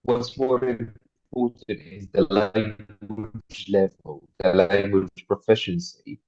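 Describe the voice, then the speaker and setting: A man's voice: lowish voice, fairly even intonation, slow pace, darkish tone, no room sound, lo-fi sound. A man moderating an online conference session, keeping his remarks brief and reading audience questions aloud.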